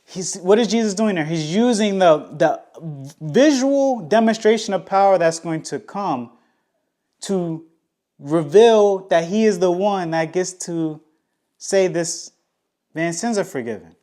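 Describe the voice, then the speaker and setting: Male Bible teacher, slightly high voice, casual and emphatic, acts out quotes. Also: lively intonation, measured pace, warm tone. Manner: frequent restarts and slang. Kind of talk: teaching talk on scripture.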